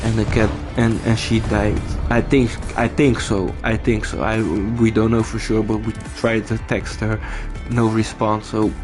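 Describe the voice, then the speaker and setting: A man's voice: lowish voice, flat delivery, unhurried, hardly any pauses. A man venting while he plays a game, agitated, restarting and repeating words and swearing as he tells his story. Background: game audio and music.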